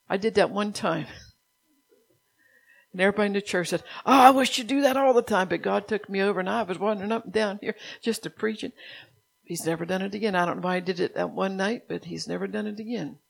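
An older woman pastor preaching a sermon in a soft, unhurried way, stopping now and then to correct herself. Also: medium pitch, creaky.

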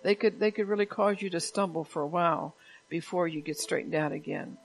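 A woman's voice: fairly low pitch, brisk, low-quality recording. Woman preaching a plain conversational sermon. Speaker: pastor. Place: church.

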